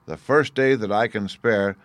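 A man voicing a brutish, boastful male giant in a storybook reading, speaking loudly and threateningly. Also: on the low side, measured pace, no room sound. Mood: menacing. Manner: loud, threatening.

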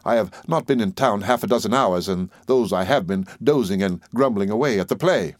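A man reading an audiobook, voicing a jaunty, self-assured young gentleman. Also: fairly low pitch, brisk, no echo, studio quality, natural voice. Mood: breezy. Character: breezy, confident young gentleman. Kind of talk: audiobook character voice.

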